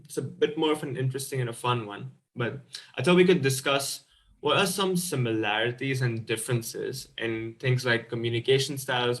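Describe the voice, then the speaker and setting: A man's voice: medium pitch, fairly bright tone. A man hosting an online panel chat over a video call, upbeat and laughing often. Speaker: host.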